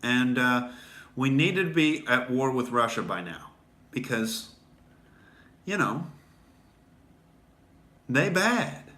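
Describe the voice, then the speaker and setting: A man's voice: medium pitch, expressive, slow pace, long pauses, pushed and bright, reverberant. A male comedian hosting a sarcastic comedy rant, mocking and swearing freely. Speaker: comedian host.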